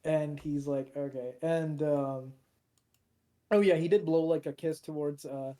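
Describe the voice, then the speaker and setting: A man's voice: fairly high pitch, steady tone, measured pace, warm tone. A man co-hosting a podcast, recapping an episode in a loose, rambling way with lots of fillers and restarts. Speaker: podcast co-host.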